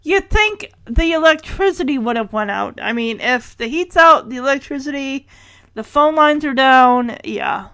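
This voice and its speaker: A woman's voice: high-pitched, lively intonation, measured pace, fairly bright tone, no room sound. A middle-aged woman casually recapping a TV episode, chatty and wry, with laughing asides. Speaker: show recapper.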